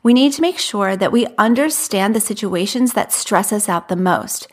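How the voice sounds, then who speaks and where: A woman's voice: medium pitch, expressive, moderate pace. A woman in her thirties hosting a podcast, giving earnest, direct advice and speaking candidly about her own life. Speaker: podcast host. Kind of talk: podcast monologue.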